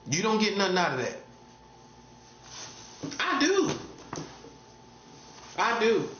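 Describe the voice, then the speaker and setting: A man's voice: sits high, wildly swooping pitch, slow, bright, forceful tone, echoey room, highs cut off, a little hiss or hum. A man preaching in a casual, street-talking way, repeating himself and laughing at his own jokes. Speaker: prophet. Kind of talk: informal preaching monologue.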